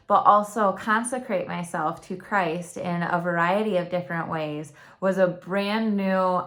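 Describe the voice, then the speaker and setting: A young adult woman with a Michigan accent hosts a YouTube channel, speaking in a lowish voice with a fairly bright tone. In a personal, reflective monologue, she talks about her faith in an earnest, talkative, chatty way.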